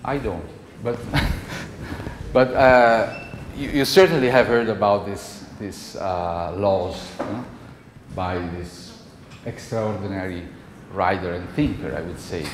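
In an echoey lecture hall with a little noise, an Italian-accented male university professor gives a conversational lecture, often checking in with his students. His voice sits low and he takes things slowly.

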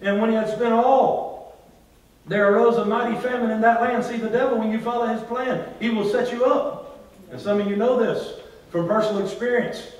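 A man preaching a sermon as pastor, drawing responses from the congregation and swinging between loud and hushed delivery. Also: extremely high pitch, fairly even intonation, moderate pace. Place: large church hall. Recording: very echoey church hall, from far off.

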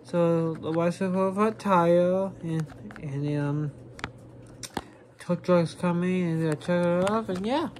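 Lady voicing a deep gruff toy-play cop guy, stern and plodding, slight hiss behind. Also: slow, darkish tone. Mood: calm. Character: gruff male police officer, stern, by-the-book.

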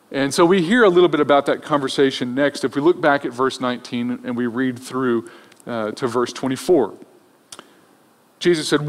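A male pastor preaches in an easygoing, chatty way. His voice sits at an ordinary middle pitch. It rings out with a long reverb, as in a church hall. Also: moderate pace. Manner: conversational, acts out voices in retold scenes. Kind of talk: Easter sermon.

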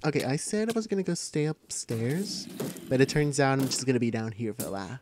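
A man giving excitable, live gameplay commentary, often repeating short calls. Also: on the high side, fast. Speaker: gamer. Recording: noisy home recording.

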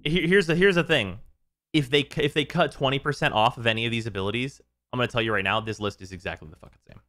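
A man's voice: mid-range voice, quick pace. A man hosting a gaming stream, ranting in casual chat with lots of swearing. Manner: exasperated, swearing, animated rants. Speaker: streamer host.

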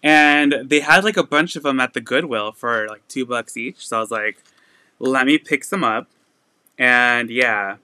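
A young man chatting away as he hosts a live sale stream, his voice bright and forward. The tone is smooth and clean, recorded dry and close with no room sound. He rambles easily, full of fillers and little laughs. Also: medium pitch, measured pace, no echo. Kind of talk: casual live-stream chat.

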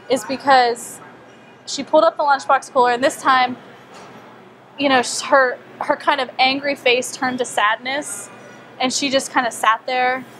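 A young woman telling a personal story to a small group, animated and chatty, acting out her own thoughts and saying "like" a lot. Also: high-pitched, a little hiss or hum. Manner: animated, acts out her own inner voice, frequent "like". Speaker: wellness speaker. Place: small meeting room with a group.

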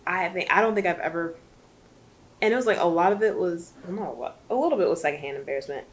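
A woman's voice: fairly low pitch, expressive, quick pace. A woman reviewing a book in casual chat, chatty and emotional, rambling with lots of fillers.

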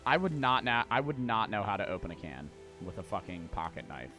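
A young man streaming a game, talking to his chat in a casual, profane, excitable way and breaking into repeated shouted outbursts. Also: lowish voice, a little fast. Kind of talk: live gameplay commentary. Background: game music.

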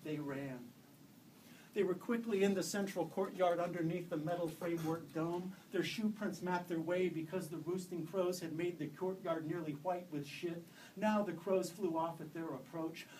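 A male author reading his own fiction aloud at a live event, in steady, measured narration. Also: high-pitched, distant mic, slight background noise, poor audio. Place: event room.

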